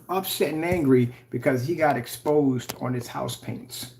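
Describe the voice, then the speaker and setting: A man's voice: a little high, lively intonation, moderate pace, few pauses, darkish tone, slight background noise. A man hosting a ranting commentary video, heated and mocking, with sarcastic questions. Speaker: channel host.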